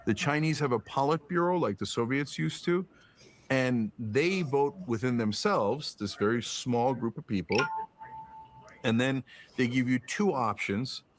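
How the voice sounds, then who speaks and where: Male podcast guest, mid-pitched, heated and profane, rapid rhetorical jabs. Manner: emphatic, profane, rhetorical questions, mocking put-on quotes. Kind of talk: political commentary in conversation.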